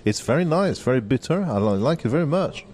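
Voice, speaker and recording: A man chatting casually over drinks in a small restaurant. He speaks in a halting way and searches for his words. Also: mid-range voice, animated, darkish tone. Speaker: podcast co-host.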